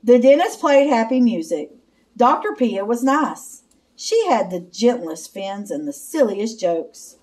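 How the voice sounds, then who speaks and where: A woman slowly and expressively reading a children's picture book aloud. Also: on the high side, very animated, darkish tone. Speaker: storyteller.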